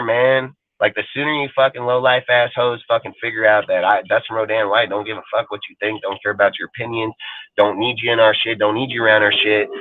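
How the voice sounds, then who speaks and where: A man's voice: medium pitch, dry recording. Profane man ranting over a tinny line. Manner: profane, aggressive, taunting. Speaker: show panelist. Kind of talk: angry livestream rant. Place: home in a rural forest area. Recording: tinny, dry phone-like line.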